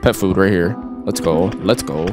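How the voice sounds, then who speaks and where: A man doing excitable let's play commentary at his gaming setup, trash-talking game characters and yelling when startled. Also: sits low, moderate pace, over loud music. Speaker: gaming YouTuber.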